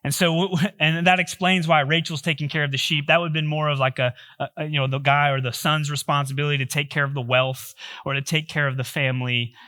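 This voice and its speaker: A man's voice: a little high, fairly even intonation, quick pace, few pauses, sharp tone. A male pastor giving a sermon, telling a story in a joking, conversational way.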